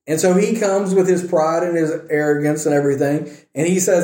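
Sex: man. Role: Bible study teacher. Style: casual, animated storytelling with joking asides. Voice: high and mellow. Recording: echoey room. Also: fairly quick, few pauses.

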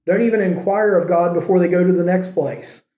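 A pastor preaches a sermon in a high, mellow voice, acting out the quoted speakers himself. His tone stays steady and his pace runs a little fast, and the room around him echoes.

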